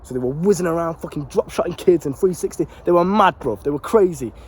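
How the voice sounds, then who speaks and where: Fast-talking young man, slangy. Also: on the high side, breathy edge. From Britain. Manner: animated and swearing, slangy and repetitive. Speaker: vlogger and life coach. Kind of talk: casual motivational monologue.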